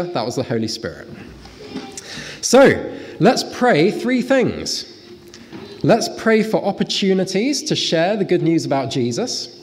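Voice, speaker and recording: Guy preaching a sermon, pitch all over the place, long echo from the church hall. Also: a little hiss or hum. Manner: lively, animated preaching with pauses for the congregation.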